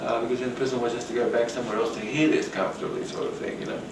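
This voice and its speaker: Man, workshop teacher, rambling, animated, distant mic, noisy roomy recording. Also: mid-range voice, racing, vocal fry. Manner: rambling, animated, acts out quoted voices. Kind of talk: teaching talk on rapport.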